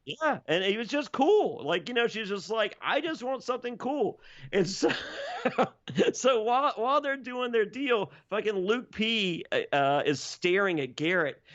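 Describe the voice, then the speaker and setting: A man hosting a podcast, retelling events in animated, profane casual chat full of fillers. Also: high voice, unhurried, lo-fi sound. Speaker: podcast host.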